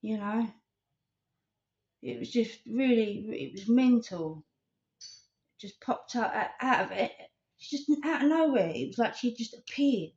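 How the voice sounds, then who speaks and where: A woman's voice: fairly high pitch, expressive, a little slow, long pauses, a little mellow. A woman, rambling earnestly in a casual vlog and telling stories with animation. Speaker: vlogger. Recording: slightly dull lo-fi recording.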